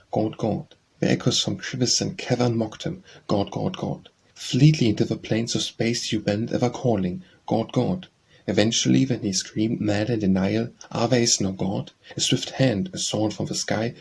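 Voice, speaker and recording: A man with a husky voice, reading poems aloud in a measured, solemn way as an audiobook narrator. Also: on the low side. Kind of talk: scripted poetry reading.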